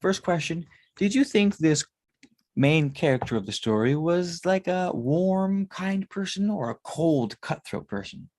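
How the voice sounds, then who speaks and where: A man's voice: fairly high pitch, sing-song, a little slow, darkish tone, no echo. A man in his thirties, a tarot reader, talking in a casual, rambling monologue and swearing often. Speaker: tarot reader and spiritual consultant.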